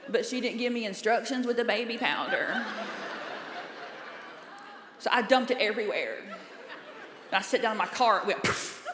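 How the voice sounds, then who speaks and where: A woman's voice: on the high side, expressive, moderate pace, pauses often, a crowd in the background, background noise. A woman in her thirties from North Carolina with a Southern accent, doing a playful, self-mocking stand-up comedy set. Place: comedy club stage. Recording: roomy club with long reverb.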